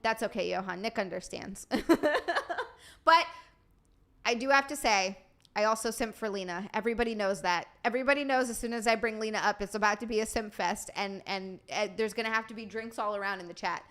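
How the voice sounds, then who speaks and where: A woman's voice: mid-range voice, a little fast, a bit bright. A woman streamer chatting casually with her live chat, bubbly and rambling, reading messages aloud.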